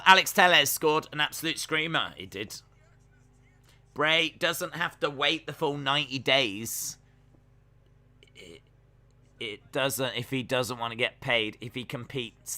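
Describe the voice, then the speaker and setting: A young man hosts a live reaction stream, chatting loosely as he watches and reads out viewer comments. His voice is strikingly bright and sharp, and he jokes along with the action. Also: mid-range voice, unhurried. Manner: chatty, jokey, talks to chat while watching. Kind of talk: casual live reaction commentary, reading chat.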